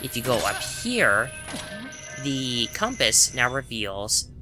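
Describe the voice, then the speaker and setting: A man talks through a game walkthrough in a loose, chatty way, pausing to search for words and dropping wry little asides. His voice sits at an everyday middle pitch. Game music plays clearly behind him. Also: big pitch swings. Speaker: gameplay commentator. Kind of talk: casual game walkthrough commentary.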